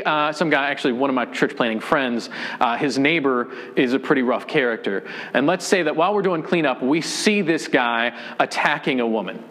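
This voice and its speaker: A man preaching a sermon as a pastor, telling a story in a casual, conversational way that grows animated. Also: mid-range voice.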